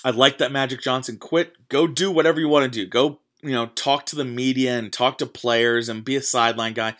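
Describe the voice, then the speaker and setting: Fairly quick and fairly bright, this podcast host's mid-range voice stays mostly even in intonation as he rants solo about sports. He grows heated, using plenty of curse words and filler.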